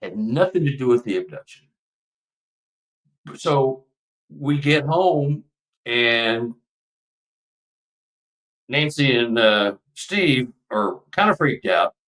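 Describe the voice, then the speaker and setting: A man's voice: medium pitch, lively intonation, slow, long pauses, a bit bright, distant mic, low-quality recording. A man in his seventies from Texas, a podcast guest telling a personal story in a casual, emotional, rambling way.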